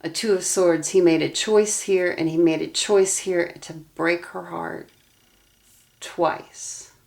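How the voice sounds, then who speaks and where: Low, flat-voiced woman reading tarot. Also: slow pace, creaky. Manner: earnest, emotionally invested, talks through cards aloud. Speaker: tarot reader.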